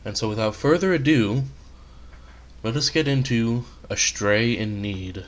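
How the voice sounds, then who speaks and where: A man reading aloud his own short story, in a relaxed, conversational storytelling manner. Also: mid-range voice, unhurried.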